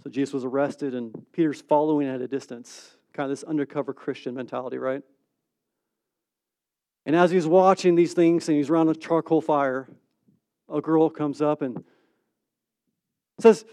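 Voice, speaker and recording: A man, a pastor, preaching a sermon in a casual, conversational way, acting out stories with quick swings between loud and hushed speech. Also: fairly high pitch, dry recording.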